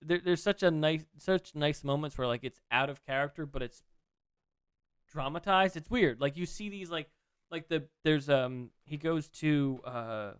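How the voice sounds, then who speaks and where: An excitable man rambling through a casual podcast chat, piling on asides as he goes. His voice is smooth and clear, recorded close and dry with no room around it. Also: on the high side, a little slow, no echo. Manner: rambling, excitable, swears freely. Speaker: podcast co-host.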